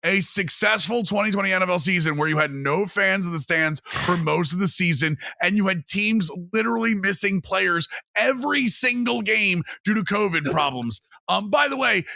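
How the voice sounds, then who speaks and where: A man co-hosting a casual sports podcast, talking in a high, gravelly voice. He is animated and laughs often, mocking the quotes he reads out. The sound is dry and close. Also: no echo.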